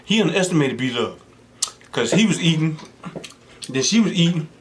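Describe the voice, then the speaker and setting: A young man talks casually to his viewers between bites, and his pitch leaps and falls as he tells stories. He keeps slipping into quick impressions of the people he quotes. A faint hiss of room noise sits under his close-miked voice. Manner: animated storytelling, mimics voices of people he quotes. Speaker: mukbang host. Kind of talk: casual chat while eating.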